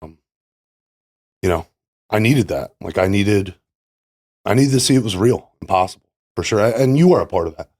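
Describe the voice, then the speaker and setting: A man who is a podcast guest, speaking earnestly and haltingly in casual conversation. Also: fairly low pitch, animated, a little mellow, no room sound. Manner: earnest, halting, many fillers. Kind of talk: casual conversation about recovery.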